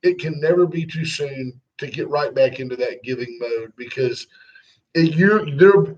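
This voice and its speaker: A man's voice: a little high, a little slow. A man co-hosting a radio show, chatting casually and joking with sarcastic asides. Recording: dull lo-fi sound.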